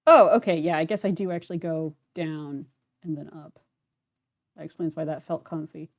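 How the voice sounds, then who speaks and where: A woman's voice: low-pitched, fairly even intonation, moderate pace, a little mellow. A young woman chatting casually while playing a game on stream, self-deprecating and full of fillers. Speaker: let's play streamer. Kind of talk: casual gameplay commentary.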